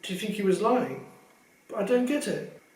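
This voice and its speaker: A man's voice: high-pitched, expressive, moderate pace, darkish tone, reverberant, recorded from a distance, voice pushed up, low-quality recording. A man voicing a tired teenage boy wizard who groans and grumbles. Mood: grumbling. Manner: groaning, complaining.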